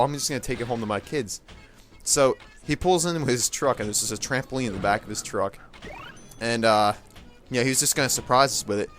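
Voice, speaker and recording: A man's voice: medium pitch, fairly bright tone. A young man casually telling a childhood story in a rambling way, full of fillers, restarts and short laughs. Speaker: gaming channel host.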